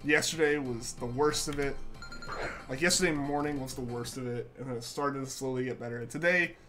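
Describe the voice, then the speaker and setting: A man's voice: medium pitch, fairly quick, over music. Congested young man chatting on stream. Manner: chatty, greets viewers, often repeats phrases. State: congested, recovering from a sore throat. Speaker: livestream host. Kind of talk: casual live-stream chat while gaming.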